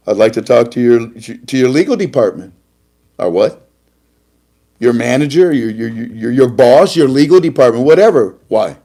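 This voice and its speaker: A man's voice: medium pitch, animated, normal speed, dark tone. A man hosting a casual talk show, telling a story animatedly and acting out both sides of a conversation. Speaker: host.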